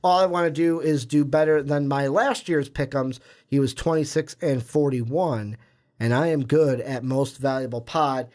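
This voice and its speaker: A man's voice: medium pitch, normal speed, darkish tone. A man co-hosting a sports podcast, chatting casually and rambling, stumbling over names. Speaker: podcast co-host.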